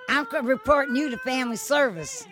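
A woman's voice: sits high, a little fast, a bit bright. A woman voicing a bitter, foul-mouthed older daughter who sneers, scolds and curses. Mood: scolding.

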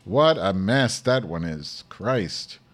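A man's voice: on the low side, lively intonation, slow pace. A man hosting a live show, rambling crudely to himself while testing his lavalier and stand microphones. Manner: crude, profane, self-talking. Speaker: show host. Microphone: lavalier and stand mic.

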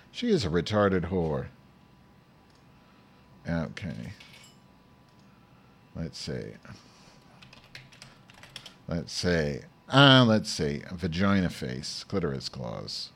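A man's voice: low-pitched, sing-song, slow, pauses often, a bit bright, breathy edge. A man hosting a live show, rambling crudely to himself while testing his lavalier and stand microphones. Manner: crude, profane, self-talking. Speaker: show host. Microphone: lavalier and stand mic.

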